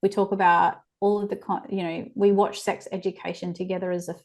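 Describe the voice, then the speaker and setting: A woman's voice: mid-range voice, flat delivery, brisk, a little mellow. A woman in her forties, a guest on a podcast interview, telling stories frankly and with animation. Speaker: guest, child abuse prevention educator.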